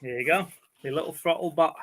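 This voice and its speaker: A man with a bright, forward voice hosts a casual chat, rambling along and laughing easily. His voice sits a little high for a man, and a faint hiss runs under the recording. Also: brisk. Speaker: host.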